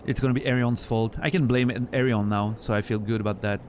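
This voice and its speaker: A man's voice: mid-range voice, fairly even intonation, quick pace, a little hiss or hum. A man streaming a game, chatting casually in a rambling way with many restarts while he plays. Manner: rambling, chatty storyteller with frequent laughs and restarts.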